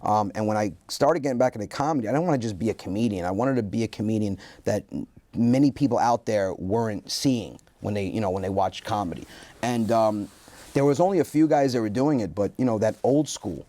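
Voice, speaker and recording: A man's voice: fairly low pitch, a little fast, no echo. A man, a comedian guest, telling funny stories in a casual interview and jumping into the voices of the people he quotes. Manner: animated, acts out quoted voices.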